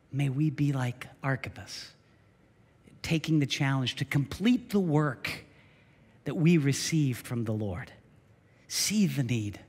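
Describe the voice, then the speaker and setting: A male pastor preaching a sermon in a church, emphatic and animated, often repeating short phrases. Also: medium pitch, breathy edge, big-room sound. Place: church sanctuary.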